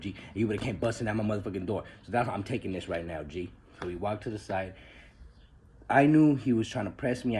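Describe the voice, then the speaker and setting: A man's voice: on the low side, darkish tone, a little hiss or hum. A man telling a story in a casual, slangy and profane way, dropping in Spanish words and calling the listener "G" and "bro". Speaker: storyteller recounting prison life.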